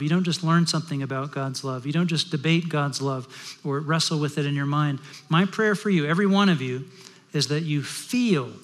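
A middle-aged man preaching a sermon as pastor, telling stories and moving between loud and hushed delivery. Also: a little high. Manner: storytelling, shifting from loud to hushed. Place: large worship hall. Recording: long hall reverb.

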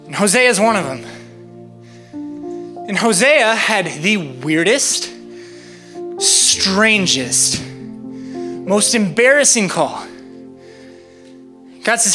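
A young man preaching to a children's gathering, still winded and joking between gasps. His voice sits high and sounds sharp and bright. Faint music plays behind him. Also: sing-song, very slow, pauses often. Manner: jokey, breathless, laughing asides. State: out of breath. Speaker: youth preacher. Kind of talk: energetic kids' sermon.

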